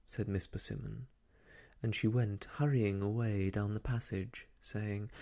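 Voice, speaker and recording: Slow, hushed male storyteller. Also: on the low side, steady tone. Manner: gentle, hushed, half-whispered. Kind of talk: soft-spoken ASMR story reading.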